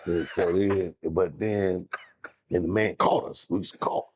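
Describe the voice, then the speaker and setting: Husky low-voiced man telling comic stories. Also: steady tone, a little slow, a little mellow. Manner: rambling, acts out little voices in his stories. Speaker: comedian guest. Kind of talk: casual comedic storytelling.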